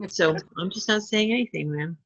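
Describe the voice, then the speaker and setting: A woman's voice: on the low side, fairly quick, no echo, lo-fi sound. A woman telling a long personal story in casual chat, acting out what people said. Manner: chatty, animated when quoting people.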